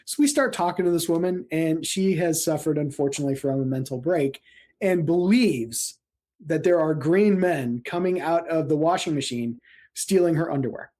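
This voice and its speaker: Man from central Illinois, paramedic guest, fairly high pitch, mellow tone, animated storyteller. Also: normal speed. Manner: animated, laughs often, acts out quotes. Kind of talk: casual storytelling interview.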